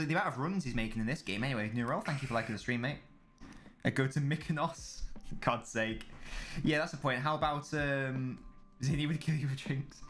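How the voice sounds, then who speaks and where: Bright-voiced young man bantering. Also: medium pitch. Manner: banter-filled, swearing, answering chat. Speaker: streamer watching a football match. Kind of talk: casual live-stream chat.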